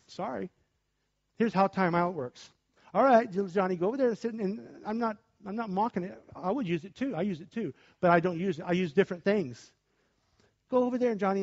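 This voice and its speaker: A high-voiced male pastor preaching with fire, rising to shouts and then dropping low and conversational. The recording sounds dull and lo-fi. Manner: impassioned, swings from shouting to quiet talk. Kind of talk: preaching sermon with discussion.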